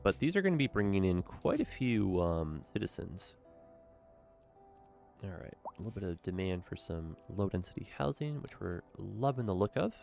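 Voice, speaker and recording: His voice sits low, with a sing-song lilt, vocal fry and a darkish tone, at normal speed. A young gaming streamer, he offers chatty, upbeat commentary on a city-building game, often adding "eh" as a tag question. Faint music plays behind.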